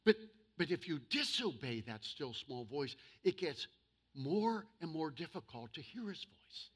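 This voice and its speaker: A male pastor preaching to his church, humorous, with sudden loud bursts and slow, emphatic stretches. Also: a little high, very animated, breathy edge. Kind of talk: sermon.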